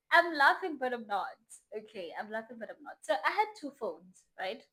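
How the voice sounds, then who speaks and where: A young South African woman telling a dating story on her vlog, swinging from loud exclaims to hushed asides. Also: fairly high pitch, rough recording. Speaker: vlogger.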